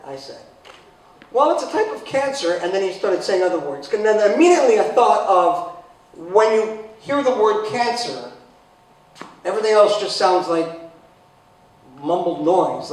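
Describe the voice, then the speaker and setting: A man in his forties telling a comic personal story to a live audience, sarcastic and bursting into loud high exclamations. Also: big pitch swings, moderate pace. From Italian heritage. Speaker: event speaker. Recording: echoey hall from far off, faint noise.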